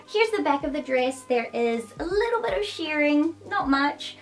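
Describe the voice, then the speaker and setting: A woman vlogger gushing excitedly over a new dress, with frequent gasps and giggles. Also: high-pitched, moderate pace. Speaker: fashion vlogger. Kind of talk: casual unboxing show-and-tell. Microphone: camera mic a short way off. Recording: slightly distant mic, faint background music.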